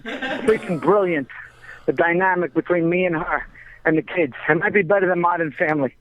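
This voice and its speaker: A man calling in by phone from outdoors on a sports field, talking in a brash, boastful, excitable way. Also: sits high, moderate pace, a crowd in the background. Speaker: phone-in guest. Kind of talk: casual chat. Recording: tinny phone line.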